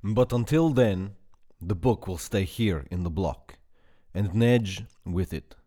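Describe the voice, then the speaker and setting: A man's voice: sits low, animated, slow, mellow, full character voice. A man voicing a weary, resolute writer who speaks in formal, old-fashioned phrases. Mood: grave.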